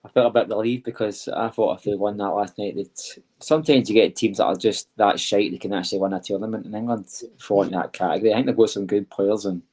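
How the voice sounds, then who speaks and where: A man's voice: fairly low pitch, fairly even intonation, fast talker, few pauses, a little mellow. A Scottish man co-hosting a casual football podcast, blunt and grumbling, swearing casually. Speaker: podcast co-host.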